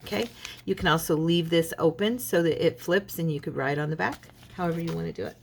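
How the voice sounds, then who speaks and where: Woman, lowish voice, casual craft tutorial, chatty, talks while folding paper, faint hiss. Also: brisk, gravelly. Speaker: craft video host.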